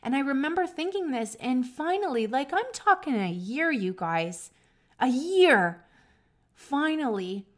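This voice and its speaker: A woman hosting a talk, telling a personal story in an earnest, emotional way. She swings between hushed, reflective moments and loud, lively bursts. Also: sits high, measured pace. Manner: earnest and emotional, with many restarts. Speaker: podcast host.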